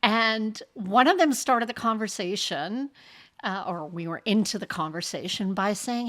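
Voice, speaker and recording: A woman's voice: medium pitch, measured pace. An older woman hosting a podcast, telling personal stories frankly and acting out the remarks of others, often with a laugh. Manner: animated, acts out quoted remarks. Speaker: podcast host. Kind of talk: personal storytelling monologue.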